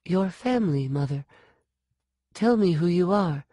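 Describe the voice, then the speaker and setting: A man voicing a bewildered young girl who asks high, breathless questions. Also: animated, unhurried, mellow, dry recording.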